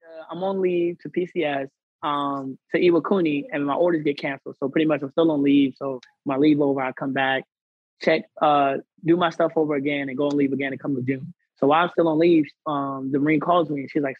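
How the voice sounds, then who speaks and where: A man's voice: a little high, fairly quick, dry recording, phone-quality sound. A man guest on a podcast telling a personal story in casual slang, acting out what others said. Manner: animated, acts out quoted people; conversational American slang.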